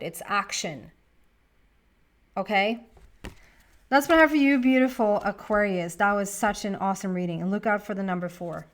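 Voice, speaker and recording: A woman giving a casual tarot reading to her viewers, chatty and thinking aloud as she talks to the cards. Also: medium pitch. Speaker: tarot reader.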